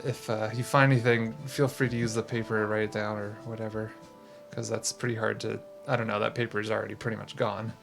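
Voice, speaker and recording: A man's voice: on the low side, flat delivery, fast, gravelly, fairly bright tone, soft background music. A man playing a tabletop game, talking casually and joking. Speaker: player.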